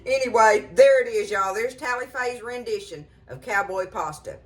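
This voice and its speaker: A middle-aged woman hosts a cooking show from her home kitchen, chatting casually and folksily with viewers she calls y'all. Her voice is a little high, at a moderate pace.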